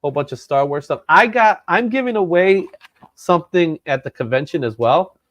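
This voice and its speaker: A man's voice: fairly high pitch, expressive, moderate pace, a bit bright, no echo. A man hosting a comic book show in a loose, joking chat, with easy laughs. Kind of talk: casual chat.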